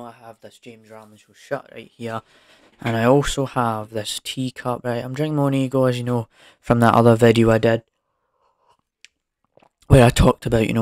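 A man's voice: medium pitch, darkish tone, dry recording. A man from Scotland with a Scottish accent, hosting his own podcast in a loose, chatty way that keeps tagging "right?" and "you know" onto his sentences. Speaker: podcast host. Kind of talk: casual rambling podcast talk.

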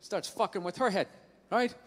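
Man, stand-up comedian, animated storytelling, swearing, very high-pitched, long hall reverb, faint noise. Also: moderate pace. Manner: animated storyteller, swears freely, acts out voices. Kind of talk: stand-up routine. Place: large venue stage. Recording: live stage in a large hall, faint noise.

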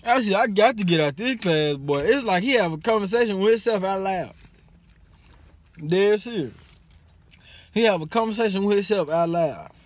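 A young man, a college student, chatting casually to the camera, slangy and animated, swearing and then saying sorry. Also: sits high, moderate pace, long pauses, dry recording. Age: young adult.

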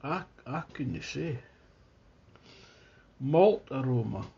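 A Scottish man chats his way through a beer tasting, enthusiastic and thinking aloud with plenty of restarts. His voice sits mid-pitch. The recording sounds a little dull and muffled. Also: animated, slow pace, creaky, dark tone. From Scotland. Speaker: beer reviewer. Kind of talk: casual tasting review.

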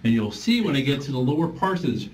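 A man's voice: medium pitch, big pitch swings, fast talker, darkish tone. A man leading a group voice therapy class, coaching step by step and singing vowel exercises to demonstrate. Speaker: voice therapy instructor. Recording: distant mic with faint background noise.

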